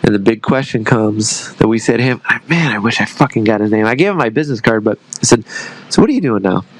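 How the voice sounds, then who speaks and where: Heard on a rough recording, this fairly low-pitched male voice moves at a quick pace. He's a US army veteran in his thirties, now retired, telling his story on a podcast in a loose, profane, self-deprecating way during a casual interview.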